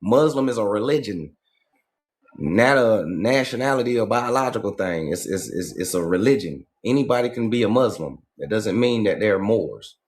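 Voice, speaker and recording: Man, lowish voice, riffing on a live stream, slangy, profane, lecturing. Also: lively intonation, moderate pace, darkish tone. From Georgia, US. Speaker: livestream host. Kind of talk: casual livestream monologue.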